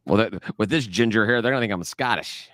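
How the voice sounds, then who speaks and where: A man's voice: on the low side, quick pace, a bit bright, no echo, clean studio sound. A man from the American South co-hosting a podcast, joking, blunt and opinionated. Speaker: podcast co-host. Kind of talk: casual banter.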